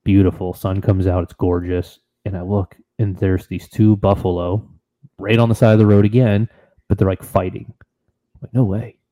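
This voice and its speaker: A man co-hosting a podcast, telling a trip story in an animated, excitable, casual way. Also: deep voice, normal speed. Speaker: podcast co-host.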